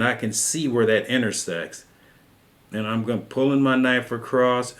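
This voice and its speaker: Calm low-voiced man teaching carving. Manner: calm, patient, talks through each cut as he works. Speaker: carving instructor. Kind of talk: step-by-step craft tutorial.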